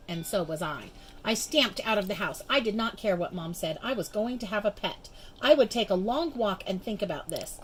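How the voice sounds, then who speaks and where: Woman reading a kids' story out loud, measured and expressive. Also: on the low side, a little hiss or hum. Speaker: storybook reader. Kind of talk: children's book read-aloud.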